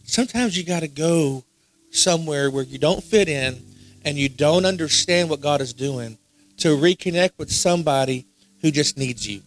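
A man's voice: fairly high pitch, moderate pace. A man pastor at a midweek church service, preaching in a conversational way at an uneven pace. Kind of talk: sermon-style sharing at a midweek service.

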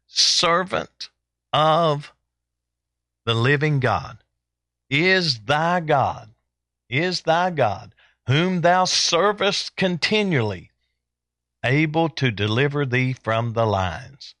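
A preacher doing the voice of a sorrowful ancient king, lifting his pitch into a slow, lamenting call. The words stretch out as if spoken through grief. The sound is dry and close. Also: expressive, sharp tone, no echo, full character voice. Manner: lamenting, raised, drawn-out scriptural delivery.

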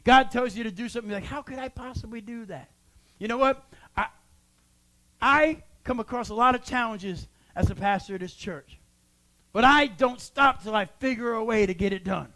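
A man who is a church pastor, preaching a sermon and building to shouted exhortations. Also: very high voice, normal speed.

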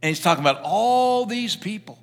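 A pastor preaching a sermon, telling stories in a loose conversational way with frequent restarts. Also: male voice, high-pitched, animated, brisk, in a large hall. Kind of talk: sermon with storytelling.

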